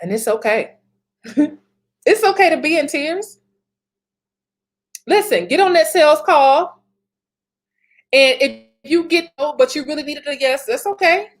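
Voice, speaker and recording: A woman's voice: sits high, lively intonation, measured pace, pauses often. A woman in her thirties giving a motivational talk as a business coach, emphatic, repeating phrases and laughing often.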